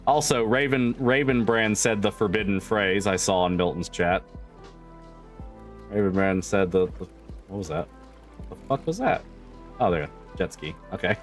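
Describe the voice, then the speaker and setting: With soft music behind him, a man streaming chats casually with his viewers, swearing freely and laughing often. He speaks at a normal speed in a lowish voice and pauses often.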